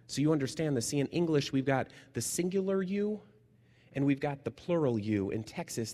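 A man preaching a sermon as a chaplain, lively and jokey, moving between loud bursts and hushed near-whispers. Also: medium pitch, moderate pace. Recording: long hall reverb.

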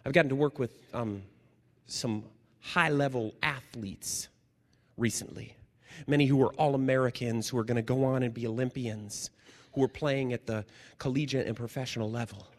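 A man preaching a sermon as a chaplain, lively and jokey, moving between loud bursts and hushed near-whispers. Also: medium pitch, moderate pace. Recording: long hall reverb.

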